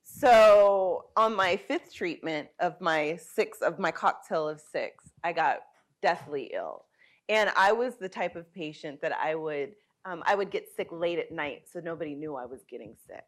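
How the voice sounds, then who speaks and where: A woman guest on a talk show, telling her own story in a heartfelt, vivid way that swings between soft and loud. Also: on the low side, animated, unhurried. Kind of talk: personal storytelling in a conversation.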